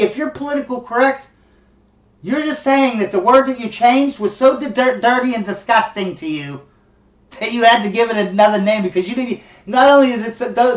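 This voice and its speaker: A vlogger in a blunt, profane, mocking rant, often laughing. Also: medium pitch. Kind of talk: ranting monologue. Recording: distant, roomy, dull lo-fi sound.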